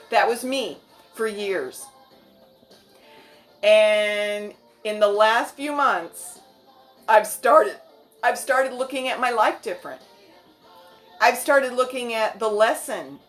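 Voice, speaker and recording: A woman in her fifties giving a motivational vlog talk to her viewers, earnest and frank with casual language. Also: on the high side. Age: 50s. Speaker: vlogger.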